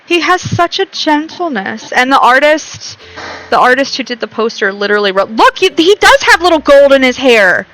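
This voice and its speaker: A woman's voice: sits high, expressive, a little fast, a bit bright, low-quality recording. A young woman streaming a game, reading its text aloud and breaking off into chatty, rambling commentary with frequent laughs.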